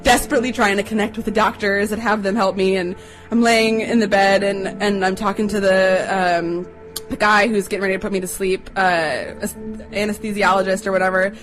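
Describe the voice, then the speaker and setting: A young adult woman chattily telling a personal story to listeners, acting out the quotes in a higher voice. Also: fairly even intonation, a little fast, faint music behind, rough recording.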